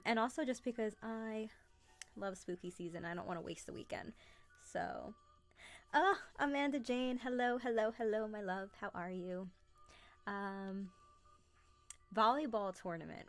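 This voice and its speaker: A young woman chats casually on a live stream, excitable and friendly as she greets viewers by name. Her voice sits at an ordinary middle pitch. Soft music plays faintly underneath.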